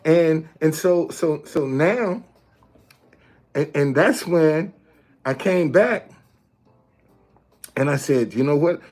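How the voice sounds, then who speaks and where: Man, slow deliberate talk, somewhat high voice, repeats himself, keeps checking in with viewers. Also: expressive, a little mellow. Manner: repetitive, checks in with viewers often; emphatic, explaining step by step. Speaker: street messenger and video host.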